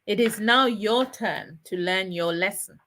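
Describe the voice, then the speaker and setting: Woman putting on a weary old man long trapped at a mill, low, heavy and solemn, speaking slowly, a touch lower than her usual voice. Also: sharp tone, slight background noise. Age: older.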